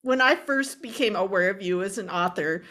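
A woman interview host with a bright, sharp voice. She gushes with enthusiasm and laughs often as she asks her questions. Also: medium pitch, moderate pace. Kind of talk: casual interview chat.

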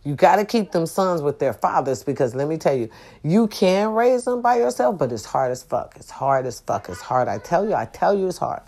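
A woman's voice: low-pitched, big pitch swings, moderate pace, a little mellow. Profane, preachy middle-aged woman vlogger. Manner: profane, emphatic and preachy, addresses viewers directly. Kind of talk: casual venting monologue.

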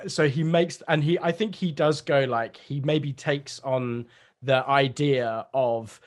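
A man's voice: medium pitch, steady tone, slow pace. A young man chatting casually over a video call, rambling through a comedy idea with lots of fillers.

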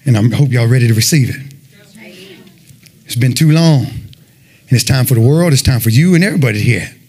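A man giving a fervent sermon and personal testimony, telling his story in an animated way and peppering it with "man.". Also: medium pitch, fairly quick, slightly rough. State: sweating, winded after worship. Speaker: lay preacher giving testimony.

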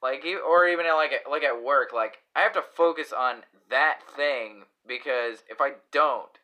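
A man with a Boston accent chats as a podcast co-host in a bright, forceful voice. He talks haltingly and leans on "like" again and again while he finds his point. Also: mid-range voice. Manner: halting, heavy with "like" fillers. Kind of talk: casual podcast chat.

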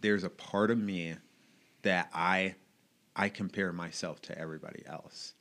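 A man's voice: low voice, fairly even intonation, unhurried, fairly bright tone. A man in his late thirties, an evangelist and motivational speaker, talking openly and reflectively as a podcast guest and laughing often. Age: late 30s. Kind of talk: casual chat.

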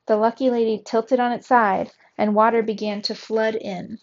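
A woman's voice: a little high, normal speed. A woman teacher reading a children's adventure story aloud, livening up the dialogue with extra energy. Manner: lively, voices the dialogue with raised energy. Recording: slightly dull, lo-fi sound.

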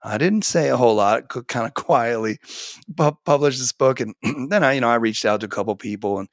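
Gravelly-voiced man, animated and rambling. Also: medium pitch, a little fast, no echo, clean studio sound. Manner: animated, rambling, many fillers and restarts. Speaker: teacher and author, podcast guest. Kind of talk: casual conversational interview. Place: home office.

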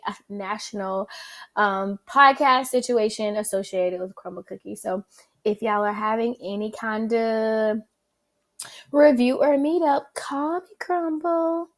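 A woman with a Southern accent hosting a casual solo food-review podcast, chatty and full of "like" and "um," humming as she tastes. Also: medium pitch. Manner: chatty, many fillers and likes; animated, savoring with hums. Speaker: podcast host.

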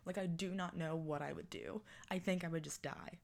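In a low, steady, creaky and slightly mellow voice, a woman in her early twenties from Texas hosts her own podcast at a moderate pace. Her casual talk rambles, turns self-mocking, and is punctuated by frequent laughter.

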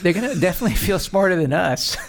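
Gravelly man in animated podcast banter. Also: high-pitched, fast, heavy background noise. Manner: animated, laughing, profane, stumbling restarts. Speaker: podcast co-host.

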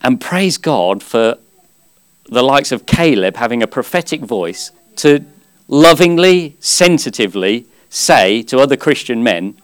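Man, preacher at a church service, mid pitch, earnest and chatty sermon with light humor. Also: expressive, unhurried. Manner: earnest, conversational, with gentle humor.

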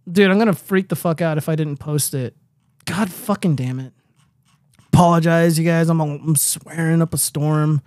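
High-voiced young man, foul-mouthed stream host. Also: normal speed, darkish tone, no echo, clean studio sound. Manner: rambling and profane, reads chat comments aloud. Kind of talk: casual livestream chat.

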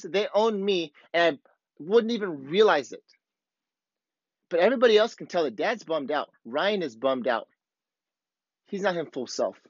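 A surf coach with a higher voice gives a candid motivational talk to camera, blunt, profane and self-revealing. There's no echo, and the dry recording is dull and slightly lo-fi.

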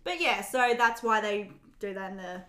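A woman's voice: medium pitch, animated, normal speed, pushed and bright. A woman co-hosting in casual, chatty recap talk, laughing often and acting out quotes. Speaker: podcast co-host. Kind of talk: casual chat recapping a film. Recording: echoey room.

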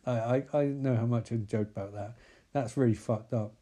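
A man's voice: mid-range voice, steady tone, brisk, mellow. A man rambling through a comic film recap, swearing and interrupting himself. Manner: rambling, profane, self-interrupting.

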